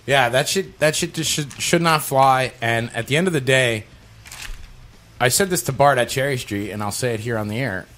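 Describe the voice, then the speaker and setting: A man's voice: medium pitch, normal speed, fairly bright tone. A man co-hosting a radio show in casual talk, blunt and emphatic with heavy swearing. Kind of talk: casual profane radio chat.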